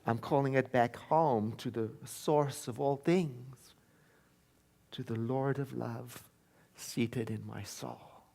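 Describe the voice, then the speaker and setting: A man from South Africa giving a sermon in a church, telling a personal story in a conversational way and slowing into soft, chanted affirmations. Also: medium pitch, gravelly. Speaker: minister. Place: church sanctuary.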